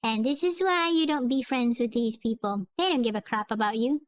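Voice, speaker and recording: Casting: woman, comic read-along host, bright high voice, tiring, dry close sound. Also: fairly quick, no room sound. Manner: playful, chatty asides between acted lines. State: voice getting tired. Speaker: comic reader.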